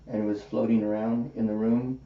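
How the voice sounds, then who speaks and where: A man's voice: on the low side, a little fast. Man telling a story in an echoey room. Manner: animated, acts out quoted dialogue. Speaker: podcast host. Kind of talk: casual storytelling in conversation. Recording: roomy, distant, dull with faint hiss.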